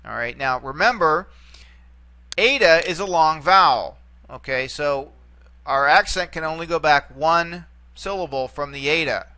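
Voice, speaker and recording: A man's voice: fairly high pitch, sharp tone. A man teaching a lesson, walking through examples patiently and repeating each term. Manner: patient, repeats terms, reassuring asides. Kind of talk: screen-recorded lesson.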